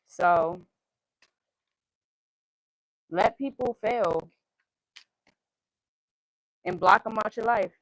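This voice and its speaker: A woman does a casual tarot reading in a medium-pitched, slightly bright voice, speaking slowly with frequent pauses. She lists card meanings in a chanting cadence, speaks her mind bluntly and swears a lot. The recording is dry with no room sound and low in quality.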